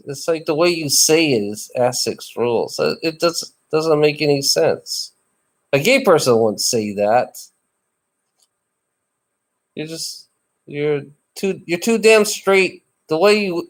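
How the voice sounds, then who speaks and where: A man's voice: a little high, animated, slow. A man chatting casually in a rambling, teasing way, often restarting and repeating his phrases. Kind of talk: casual chat.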